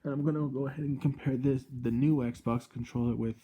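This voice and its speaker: A man in his twenties hosting a casual gadget review vlog from a room at home, rambling and halting, with constant self-corrections. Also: mid-range voice, steady tone, dark tone, slightly rough. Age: 20s. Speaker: channel host.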